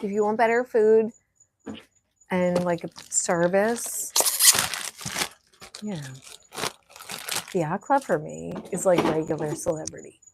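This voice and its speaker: A woman's voice: fairly low pitch, slow, vocal fry, long pauses, very noisy. A woman chatting casually as a cruise vlogger, teasing her partner and given to exclamations. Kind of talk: casual chat.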